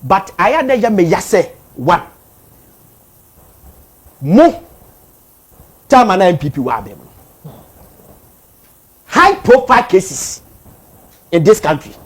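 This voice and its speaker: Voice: medium pitch, slow pace, long pauses, breathy edge. A speaker with a Ghanaian accent, commenting animatedly in casual talk and mixing two languages. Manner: animated, switches between Twi and English.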